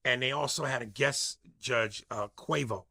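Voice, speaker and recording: A man's voice: medium pitch, normal speed, vocal fry, pushed and bright, slightly rough, dry recording, studio quality. A man in casual debate, talking emphatically and profanely and mimicking the way others speak.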